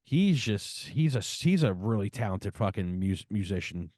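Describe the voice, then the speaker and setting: Profane, excited man, dry close mic. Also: fairly low pitch, normal speed, dry recording. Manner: swears a lot, enthusiastic about records. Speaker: podcast co-host. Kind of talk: casual chat.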